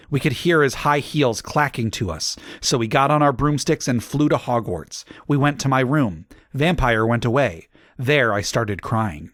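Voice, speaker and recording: A man narrating a comedic audiobook in a deadpan manner, with dry asides. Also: mid-range voice, normal speed, no room sound.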